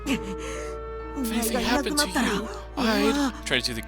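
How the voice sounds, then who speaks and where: A man's voice: very high-pitched, sing-song, unhurried, over music, voice pushed up, heavily acted. A man putting on a strained little creature voice. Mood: urgent. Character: small loyal creature partner, male.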